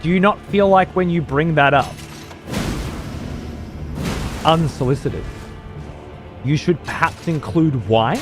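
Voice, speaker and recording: A man's voice: on the high side, normal speed, over music. A man streaming a video game, commenting on play and ranting at his chat with heavy profanity. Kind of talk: live gameplay commentary.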